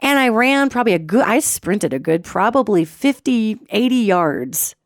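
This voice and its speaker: A middle-aged woman hosts a radio show and tells a story with great energy, her voice swooping high and low. She sits close to the mic in a dry, deadened space. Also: moderate pace, dry recording. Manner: expressive, swoops in pitch, imitates sounds. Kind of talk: animated personal storytelling.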